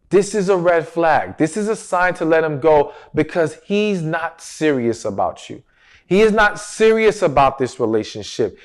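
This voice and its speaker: A man giving relationship advice as a coach, talking straight to his viewers, stressing key words and answering his own questions. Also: sits high. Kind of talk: direct-to-camera advice talk.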